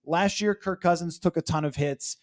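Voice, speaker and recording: A man's voice: on the high side, normal speed. A man hosting a sports podcast round table in a chatty, wry way, putting questions to his guests. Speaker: podcast host.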